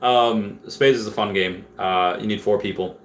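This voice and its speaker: A man's voice: lowish voice, fairly even intonation, moderate pace, fairly bright tone. A young man hosting a casual livestream from home, rambling as he reads viewer comments aloud. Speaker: livestream host. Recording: faint background noise.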